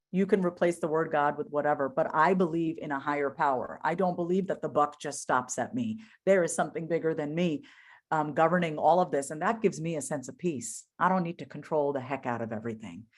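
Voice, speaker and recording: A woman presenting a motivational webinar in a voice that sits a little low. She speaks earnestly and directly, firing rhetorical questions at her listeners and repeating key phrases for weight. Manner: direct, asks the audience many rhetorical questions. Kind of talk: motivational talk to an online audience.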